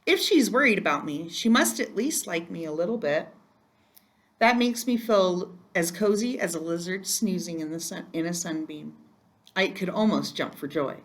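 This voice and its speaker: A woman reading a first-person children's chapter book aloud in a gentle storytelling manner. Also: on the low side, expressive, moderate pace. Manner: gentle, storytelling, occasional slips. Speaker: reader.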